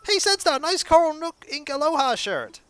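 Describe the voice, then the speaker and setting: A cheerful little male duck villager chirps his lines in a high, bouncing voice, as a streamer reads them aloud. His pitch swoops up and down all the time, bright and friendly, like a cozy video game character. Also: sing-song, moderate pace. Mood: chipper.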